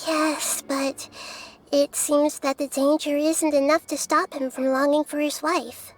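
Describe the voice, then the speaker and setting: A calm, wise goddess with a young look from a video game, speaking in a high, soft, girlish voice. She talks in a gentle, thoughtful, measured way over faint background music.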